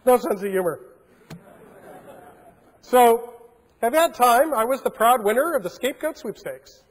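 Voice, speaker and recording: A man's voice: very high voice, lively intonation, unhurried. A man giving a keynote talk, telling a story and acting out the dialogue in a large conference hall. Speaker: keynote speaker.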